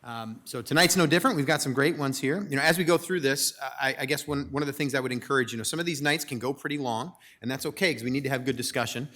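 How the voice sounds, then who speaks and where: A man's voice: medium pitch, quick pace, hardly any pauses, sharp tone. A man, the mayor, opening a budget meeting with upbeat, rambling remarks full of fillers.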